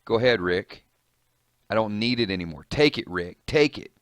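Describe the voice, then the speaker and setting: A man's voice: fairly low pitch, lively intonation, normal speed, clear, resonant tone, dry recording, close to an everyday voice. A man voicing a desperate, unraveling male cop in a comic reading, bitter and pleading, in a dry close recording. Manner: bitter, pleading, voice rising in anguish.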